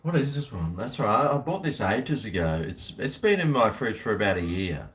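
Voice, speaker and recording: A man's voice: fairly low pitch, sing-song, normal speed, a bit bright. A man chatting casually and cheekily with viewers on a live stream, joking and trading slangy banter as he tastes a beer.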